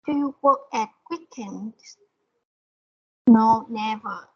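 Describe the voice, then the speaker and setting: A fairly high-voiced woman with a Vietnamese accent works slowly through English exercises, hesitant and careful with each word. Her voice is slightly husky and comes through a muffled, lo-fi online call. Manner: hesitant, careful, repeating after the teacher. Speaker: English student. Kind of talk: reading exercise answers aloud.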